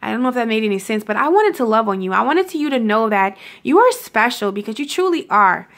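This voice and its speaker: A woman's voice: fairly high pitch, very animated, fast, a bit bright. A young woman giving a casual, affectionate motivational talk to her viewers, calling them honey and laughing often. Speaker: self-love vlogger.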